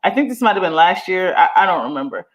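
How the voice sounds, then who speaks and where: A woman's voice: fairly low pitch, lively intonation, quick pace, muffled recording. A woman from Jamaica hosts a casual livestream. She talks frankly and animatedly to her chat, swears freely and breaks into laughter. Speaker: livestream host.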